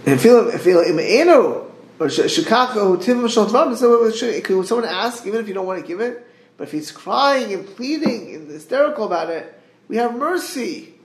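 A man giving a Torah class over a group call, earnest and halting, quoting Hebrew verses and translating them. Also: high voice, expressive, roomy sound. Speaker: Torah teacher. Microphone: group call line.

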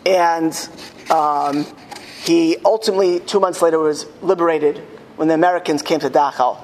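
A man's voice: steady tone, a little hiss or hum. Man telling a story in a reverberant hall. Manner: halting restarts, rises to loud high cries in quoted speech. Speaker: speaker telling a story to an audience. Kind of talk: impassioned storytelling talk. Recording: long hall reverb, faint ambience.

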